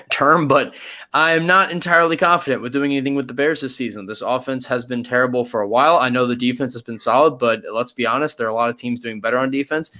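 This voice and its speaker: A man's voice: mid-range voice, sharp tone. Young man hedging through sports picks. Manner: hesitant, hedging, pace swings from drawn-out to quick. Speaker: podcast co-host. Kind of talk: casual sports podcast chat.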